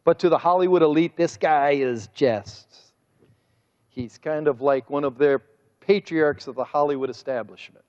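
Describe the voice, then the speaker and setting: A man preaching a sermon as pastor, speaking with drawn-out emphasis and a mocking, sarcastic edge. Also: a little high, darkish tone. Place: church sanctuary. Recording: muffled sermon audio with long church reverb.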